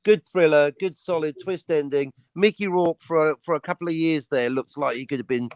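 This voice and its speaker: A man's voice: fairly high pitch, moderate pace, a little mellow, smooth, dry recording. A man with a Cockney accent chatting casually as co-host, tossing in dry, jokey asides. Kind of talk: casual chat.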